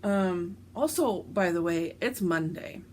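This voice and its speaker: A woman chatting casually about her stitching projects, rambling with lots of ums, her voice going a bit hoarse. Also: lowish voice, slow, slight background noise. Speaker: cross-stitch vlogger. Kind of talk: casual show-and-tell chat.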